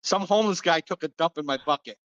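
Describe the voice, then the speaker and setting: A man's voice: on the high side, fast talker, fairly bright tone, clean tone, highs cut off. A man hosting a podcast, telling a story casually and animatedly, acting out quotes and laughing often. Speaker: podcast host.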